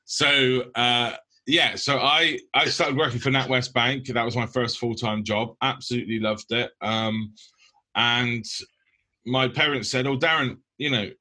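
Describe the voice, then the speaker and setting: A man's voice: mid-range voice, sharp tone. A young man from the UK, co-hosting a podcast in casual, blunt chat full of ums. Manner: blunt, rambling with many ums. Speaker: podcast co-host.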